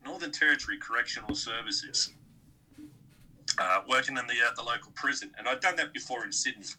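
A man's voice: mid-range voice, animated, a little fast, bright, forceful tone, a little hiss or hum, rough recording. A middle-aged man with a New Zealand accent in casual chat, laid-back and saying "mate" a lot.

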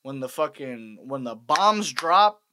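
A man's voice: medium pitch, lively intonation, takes it slowly, sharp tone, a little hiss or hum. A young man ranting with profanity, rambling and sarcastic, in a casual comic monologue. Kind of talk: profane comedic rant.

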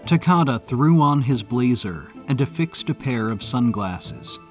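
A man narrating an audiobook in a measured, even reading style. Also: medium pitch, soft background music.

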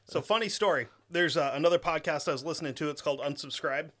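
A man trades jokes on a casual podcast, swearing freely. His voice sits somewhat high for a man, and he tells anecdotes in quick banter. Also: a bit bright. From New England. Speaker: podcast co-host.

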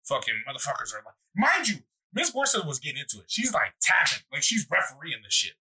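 A young man hosting a casual podcast tells a rambling, profanity-laced story. His voice is bright and a little husky. His pitch leaps and dips constantly as he gets worked up. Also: huge pitch swings, fast, low-quality recording. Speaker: podcast co-host.

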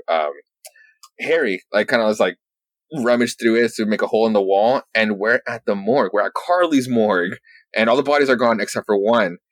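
A man casually recapping a story as a podcast host, rambling with lots of fillers and swearing, telling it with animated energy. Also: fairly low pitch, no room sound. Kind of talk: casual chat.

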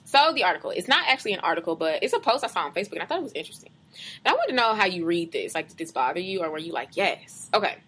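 A woman with a somewhat low voice in a relaxed conversation. She reads a long passage aloud in a slow, deliberate way. Between readings she chats with easy asides and fillers. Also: breathy edge. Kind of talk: casual chat, reading a post aloud.

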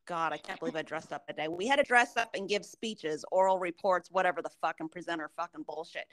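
A woman's voice: fairly low pitch, quick pace, fairly bright tone, low-quality recording. A woman in her forties co-hosting a podcast, telling a story in casual chat, swearing and laughing often. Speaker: podcast co-host.

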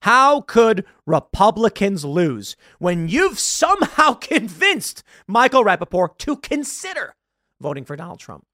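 A male host runs a political commentary monologue in an emphatic, argumentative way. His voice sits on the higher side and moves a lot in pitch. The sound is close and dry, with no room around it. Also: big pitch swings, a little slow, bright, forceful tone, no echo. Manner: emphatic, argumentative, self-correcting.

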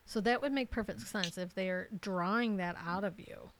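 A woman co-host responding and affirming, then explaining a point calmly. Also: mid-range voice, normal speed, a little hiss or hum.

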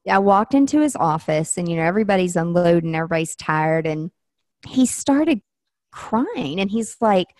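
A woman's voice: fairly low pitch, expressive, normal speed, a little mellow, no echo, studio quality. A woman from Nashville, a wedding planner, telling a story in casual chat with many fillers and restarts. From Nashville, USA.

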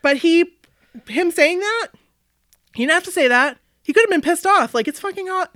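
Speaking at a normal speed in a very high voice, a Maine woman animatedly relates a story in casual conversation. She voices the people she quotes and says "like" often. The clean studio sound has no echo.

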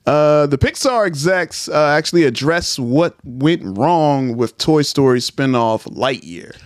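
A man hosts a casual podcast chat in a smooth, clear voice. He is laid-back, drifts through fillers and laughs easily. The sound is dry and close. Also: a little high, expressive, unhurried, dry recording. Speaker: podcast host.

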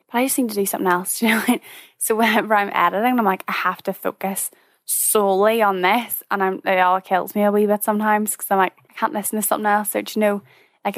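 Host: young woman, animated storyteller, dry close mic. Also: medium pitch, no room sound. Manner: animated, puts on voices in anecdotes. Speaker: podcast host. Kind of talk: casual podcast chat.

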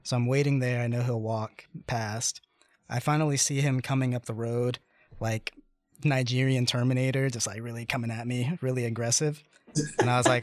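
A young man in his twenties hosts a relaxed conversation, telling stories with lively pacing and plenty of "like" and "you know." His voice sits at a middle pitch. The recording is dry and close, with no room sound. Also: no echo. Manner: animated, fast-paced storytelling with fillers. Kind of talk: casual storytelling chat.

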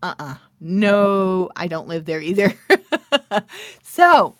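Middle-aged female faith-podcast host and coach; unhurried, bubbly, prayerful, dry close-mic sound. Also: mid-range voice, dry recording. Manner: bubbly, laughs often, swings from soft prayer to excited chatter.

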